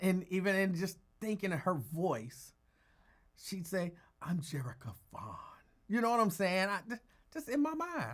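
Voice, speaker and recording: A man hosts a casual live stream and greets viewers one by one. His talk is rambling and full of self-corrections, and now and then it drops to a low mutter. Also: a bit bright. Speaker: host of a live call-in show.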